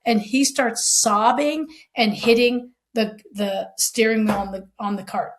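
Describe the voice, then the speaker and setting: A woman's voice: a little high, a little slow, hardly any pauses. A middle-aged woman, a former police chief co-hosting a podcast, tells a story in casual chat, acting out the lines of the people in it and swearing freely. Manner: animated storyteller, acting out quoted lines, frank and profane.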